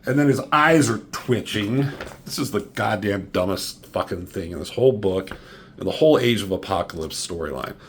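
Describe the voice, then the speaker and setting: A man casually reviewing a comic book, sarcastic and profane, mocking the characters with quick impressions. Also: lowish voice, lively intonation, slight background noise.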